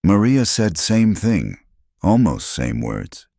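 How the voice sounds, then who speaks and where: A man's voice: sits low, sing-song, slow pace, vocal fry, a little mellow, no echo, clean studio sound, voice pushed up, exaggerated voice. A man voicing a terse solemn warrior. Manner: terse broken English, short clipped phrases. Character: solemn proud Apache warrior man, clipped speech.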